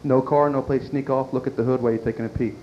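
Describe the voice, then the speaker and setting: Talking very fast in a steady, mid-range voice, a male stand-up does crude material at his own expense and engages the club crowd. It's captured on dull, lo-fi 1990s club tape, with audience laughter and faint room noise behind him.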